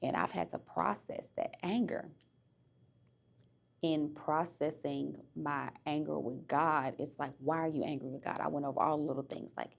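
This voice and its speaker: A woman's voice: deep voice, steady tone, moderate pace, vocal fry, lo-fi sound. A young woman hosting her own podcast, speaking candidly and conversationally as she reflects on her life. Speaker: podcast host. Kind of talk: reflective personal monologue.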